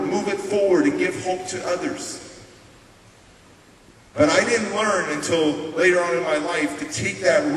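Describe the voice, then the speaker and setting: A man giving a live motivational speech in a large hall. He tells his story in an animated way and stresses points through repetition. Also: on the high side. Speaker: motivational speaker. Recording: echoey hall from far off, faint hiss.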